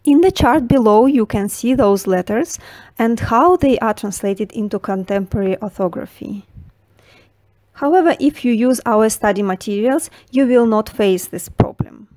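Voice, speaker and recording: A woman with a Russian accent narrating a diction tutorial, slow, precise and carefully enunciated. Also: on the high side, expressive, darkish tone, dry recording. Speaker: diction teacher.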